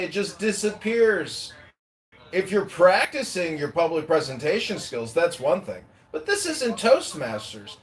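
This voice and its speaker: A man with a fairly high voice delivers a long, lecturing rant on an online call. He is blunt and insulting, with a heavy, dismissive tone toward everyone listening. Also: low-quality recording. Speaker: participant in an online audio call. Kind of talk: ranting monologue.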